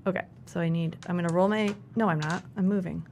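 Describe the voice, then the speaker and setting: A woman's voice: lowish voice, fairly even intonation, quick pace, darkish tone, a little hiss or hum. A woman chatting casually and giggling while playing a board game with friends. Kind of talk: casual play chat.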